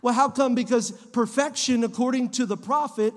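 A man preaching a sermon as pastor of his church, repeating phrases and building to shouts. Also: very high voice, fairly even intonation, moderate pace. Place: church sanctuary. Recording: long hall reverb.

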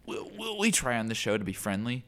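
A man's voice: medium pitch, very animated, fast, a bit bright. A man co-hosting a comedy podcast, talking in a loose, joking way and riffing off his partner. He swears now and then and keeps the chat light and playful. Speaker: podcast co-host.

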